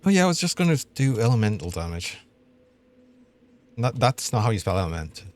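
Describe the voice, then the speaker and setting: Chatty gamer, lively pitch. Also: male voice, fairly quick. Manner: chatty, laughs often, thinks aloud. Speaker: game streamer. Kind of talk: live gameplay commentary.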